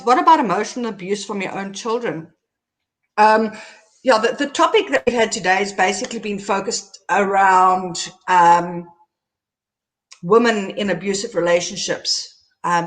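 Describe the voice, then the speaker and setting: A woman's voice: mid-range voice, moderate pace. Woman telling a personal story. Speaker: host.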